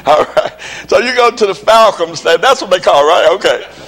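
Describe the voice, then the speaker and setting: A man with a rough, gravelly edge and a voice pitched a bit high delivers a motivational talk in a preacher's rhythm. He hammers his points home by repeating lines. He speaks as a preacher addressing an audience. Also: animated, moderate pace, fairly bright tone. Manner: emphatic, repetitive preaching cadence. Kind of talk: motivational speech with slides.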